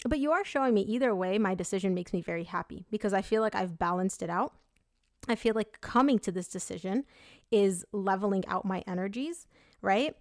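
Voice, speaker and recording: A woman reads tarot cards in a chatty, upbeat way, speaking straight to her viewers. Her voice sits at a middle pitch. It is close and dry, with no room echo. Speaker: tarot reader. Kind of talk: tarot reading monologue.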